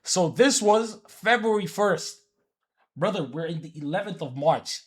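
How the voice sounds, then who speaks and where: A man's voice: high voice, lively intonation, measured pace, slightly rough. A man from Africa chatting casually on a livestream, teasing people and repeating himself as he talks back to his chat.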